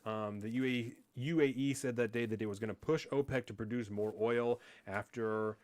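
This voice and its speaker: A man's voice: mid-range voice, steady tone, normal speed, a little mellow, no room sound. A man co-hosting a casual political podcast, ranting heatedly with frequent swearing and mocking impressions. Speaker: podcast co-host.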